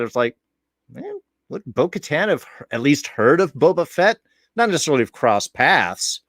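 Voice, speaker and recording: A tired man hosts a casual review podcast. He rambles and loses his thread, filling the gaps with uhs. His voice sounds dry and close, with no room echo. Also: medium pitch. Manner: rambling with many fillers. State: tired from little sleep. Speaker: podcast host.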